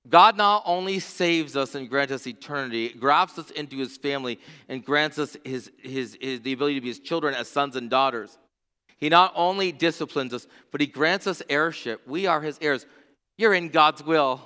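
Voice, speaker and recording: A middle-aged man preaching a sermon as pastor, with impassioned, rhythmic repetition that swings from hushed to near-shouting. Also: mid-range voice, moderate pace, clean tone. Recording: long reverb of a large hall.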